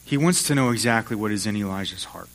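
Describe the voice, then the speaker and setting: A man's voice: lowish voice, fast, fairly bright tone. A man preaching a sermon as pastor, retelling a story and acting out the voices of its figures.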